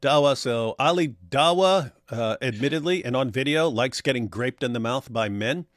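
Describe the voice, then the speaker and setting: A man's voice: medium pitch, normal speed, dry recording, studio quality. A middle-aged man hosting a casual live stream, blunt and sarcastic as he reads viewer comments. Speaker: livestream host.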